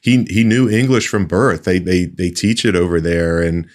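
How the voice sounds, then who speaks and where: Man, sports reporter, very deep voice, halting storytelling, casual chat. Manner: halting, many restarts, storytelling.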